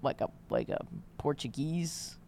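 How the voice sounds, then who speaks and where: A woman with a New York accent, her voice hoarse with vocal fry, co-hosting a casual chat in a thoughtful, self-deprecating way. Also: very deep voice, measured pace, mellow, slight background noise. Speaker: podcast co-host.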